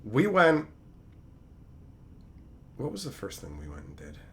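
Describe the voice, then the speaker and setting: Profane ranting male streamer, wildly swinging pitch. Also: huge pitch swings, measured pace. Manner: profane, exasperated, escalating into shouting rants. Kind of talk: ranting storytelling to a live chat.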